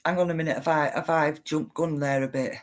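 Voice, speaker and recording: A woman's voice: deep voice, steady tone, brisk. A middle-aged woman, earnestly telling viewers an emotional story and insisting that it is true. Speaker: spiritual livestreamer.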